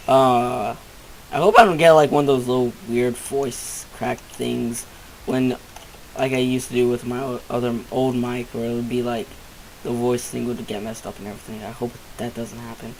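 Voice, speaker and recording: A jumpy, excitable man chatting through a let's-play at home, his commentary wandering from one thought to the next. His voice sits in a middle pitch, and a faint hiss runs under the recording. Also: normal speed, poor audio. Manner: excitable, rambling, easily startled. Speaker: gamer.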